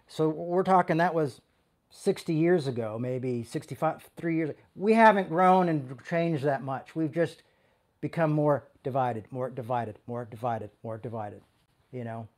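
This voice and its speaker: A man's voice: on the high side, measured pace. A man giving a conversational sermon as a pastor, speaking with passion and often restarting and stumbling over his words.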